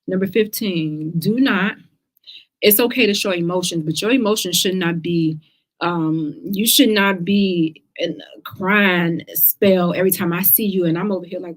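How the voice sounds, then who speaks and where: A woman from the United States hosting a cancer survivor talk show, speaking casually and directly to her viewers. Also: fairly low pitch. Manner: lively, direct, speaks to listeners as girl and y'all.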